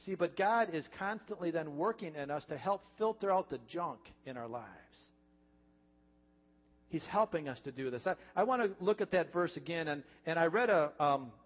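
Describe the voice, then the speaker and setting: A pastor preaching a heartfelt sermon, earnest and repetitive, building to emphatic points. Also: male voice, fairly high pitch, animated, moderate pace. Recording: dull reverberant church recording.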